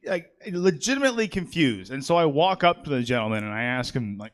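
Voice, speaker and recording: A man performs stand-up into a handheld mic on a comedy stage. His voice sits a touch high and comes across smooth and clear. He rambles through his material with self-mocking asides, checking in with the crowd as he goes. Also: big pitch swings, fairly quick, few pauses, fairly bright tone. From California. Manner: rambling, self-mocking, frequent "all right?". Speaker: stand-up comic and emcee.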